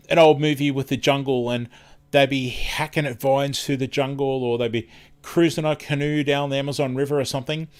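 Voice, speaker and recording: A man's voice: mid-range voice, clean tone. An Australian man hosting a live stream in casual chat, rambling and chatty, often losing his words and starting over.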